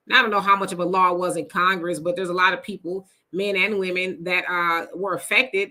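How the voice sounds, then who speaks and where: A woman's voice: fairly low pitch, bright, forceful tone. A woman hosting a live stream, reading viewer comments aloud and answering them in a chatty, casual way. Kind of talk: casual livestream chat.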